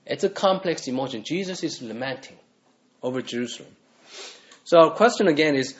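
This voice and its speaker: A man's voice: a little high, expressive, a little fast, highs cut off. A male pastor preaching a sermon, earnest, pressing his listeners with repeated questions.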